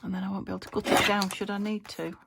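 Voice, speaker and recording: A woman's voice: mid-range voice, flat delivery, rapid-fire, vocal fry, heavy background noise. A woman vlogging about her crafts, chatting casually and thinking aloud as she works, sometimes half-whispering. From United Kingdom. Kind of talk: casual crafting chat to camera.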